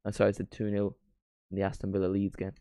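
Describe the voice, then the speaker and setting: A man's voice: deep voice, monotone, vocal fry, mellow, smooth, no echo, studio quality. Chatty man calling football live. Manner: chatty, rambling, with quick play-by-play calls. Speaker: watchalong streamer. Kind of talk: live football watchalong commentary.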